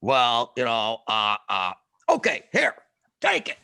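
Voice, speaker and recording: A man voicing a grieving, panicked Egyptian neighbor who shouts at the door. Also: medium pitch, huge pitch swings, slow, gravelly, clear, resonant tone, pitched below the performer's own voice, heavily acted. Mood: desperate.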